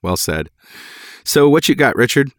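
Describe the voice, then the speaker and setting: A man co-hosting a podcast, reading listener mail aloud in a lively way and acting out the quoted dialogue. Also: mid-range voice, moderate pace, no echo, clean studio sound. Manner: animated reader, acts out quoted dialogue. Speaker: podcast co-host.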